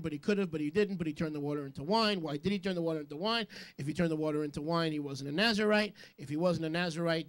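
Male preacher, high voice, jokey, rapid asides, questions the congregation. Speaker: rabbi and preacher. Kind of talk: sermon to a congregation.

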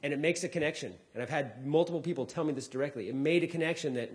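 A middle-aged man speaks to a society as a comedian, his voice sitting a little higher than most men's. He tells stories in a lively way, acting out the people he quotes and repeating words whenever he restarts a thought. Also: fast, hardly any pauses. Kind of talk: storytelling talk with acted quotes.

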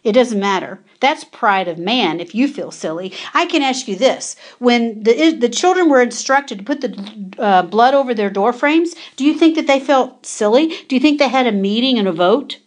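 A woman preacher delivers an urgent warning sermon, firing off repeated commands and pointed rhetorical questions at her listeners. Her voice sits a little high for a woman. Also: animated, normal speed.

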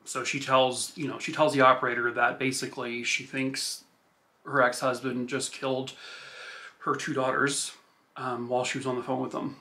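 A man's voice: mid-range voice, little pitch movement, moderate pace, noisy background. A male true crime podcast host retelling a case in a loose, casual way, using filler words like "like" and "I guess".

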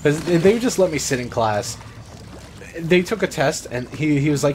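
A young man gives rambling, excitable let's play commentary and swears now and then. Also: a little high, moderate pace. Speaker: gamer. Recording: noisy background ambience.

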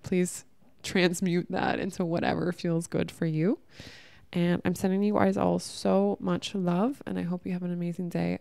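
A woman's voice: fairly low pitch, creaky, mellow, no echo. A young woman vlogger giving earnest, spiritual advice in a casual monologue, swearing freely.

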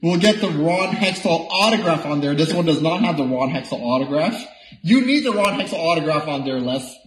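A man's voice: on the high side, lively intonation, a little fast. A man hosting a live goalie mask auction stream, joking and pushing buyers in sales patter. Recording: echoey room, faint noise.

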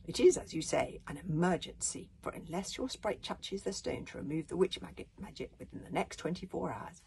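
A woman's voice: on the low side, expressive, fairly quick, gravelly, a little mellow, a little hiss or hum. A woman voicing a stern, imperious warrior queen in a children's story, speaking in grim, commanding proclamations.

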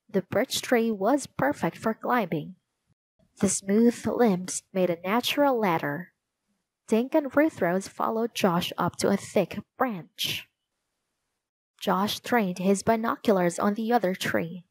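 A woman narrating a children's storybook in a gentle, measured reading voice. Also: medium pitch, no room sound.

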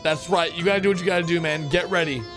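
A young man hosting a gaming channel, giving excitable reaction commentary with lots of exclamations and "bro". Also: on the high side, quick pace, music in the background. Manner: animated, exclaiming, calls viewers bro.

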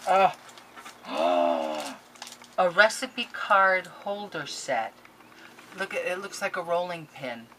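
A woman vlogger opening crafting mail on camera, gushing, excitable and talking straight to her viewers and the senders. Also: on the low side, a little slow, slight background noise. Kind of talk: casual unboxing chat to camera.

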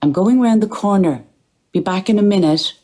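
Brief: woman reading as gentle fussy Irish man, coaxing, pitched well up. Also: animated, moderate pace, natural voice. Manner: teasing, coaxing, lifted voice. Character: gentle middle-aged man, fond and fussy.

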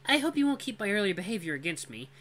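A storyteller voicing a clever, sharp-tongued young female wolf who runs a bakery. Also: mid-range voice, very animated, voice pushed up. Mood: sassy. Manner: quick, sassy, sharp.

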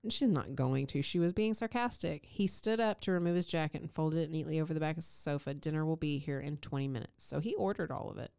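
A woman's voice: low voice, quick pace, gravelly, few pauses, a little mellow, clean tone. A young woman co-hosting a casual chat podcast, swearing and laughing as she reads romance novel passages aloud and acts out the dialogue. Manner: swearing, laughing, mock-dramatic when reading dialogue. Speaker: podcast co-host.

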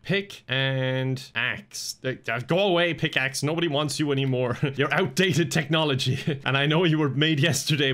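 A man's voice: medium pitch, a bit bright. A young Irish man chatting through gameplay, mocking himself and laughing often between lines. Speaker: gaming YouTuber. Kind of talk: gameplay commentary.

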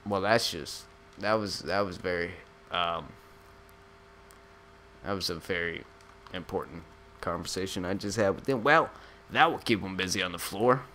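A man's voice: deep voice, moderate pace, pauses often, sharp tone, a little hiss or hum. A young man giving casual, joking gameplay commentary as a gaming YouTuber, rambling and slangy.

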